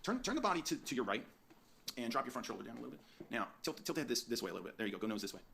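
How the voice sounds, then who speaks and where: A man teaching portrait posing in his photo studio, directing a subject with energetic, repetitive coaching. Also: mid-range voice, creaky, a little hiss or hum. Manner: rapid, energetic coaching with frequent restarts and repeats.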